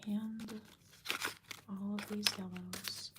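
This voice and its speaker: A woman hosting a livestream, chatting casually in a soft whisper while she colors, leaning close to the microphone. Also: mid-range voice, little pitch movement, very slow, very noisy. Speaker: livestream host. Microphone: close, leaning right over the microphone.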